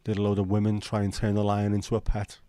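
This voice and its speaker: Scouse man chatting casually, low voice. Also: completely flat delivery, fast, dark tone, clear, resonant tone, no room sound. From Liverpool, England. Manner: rambling, chatty, sweary banter reading out chat. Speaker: livestream host. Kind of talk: casual livestream chat.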